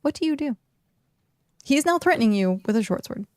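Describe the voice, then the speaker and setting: A young woman narrating a tabletop role-playing game as game master, describing scenes in a lively way with many asides. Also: sits high, brisk, dry recording, studio quality.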